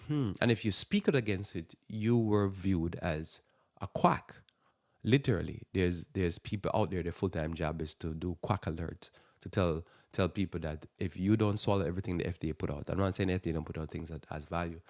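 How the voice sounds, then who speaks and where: A man's voice: deep voice, a little mellow, no room sound, clean studio sound. A man hosting a live Christian morning radio talk show, rambling and restarting his sentences as he speaks. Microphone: radio studio mic.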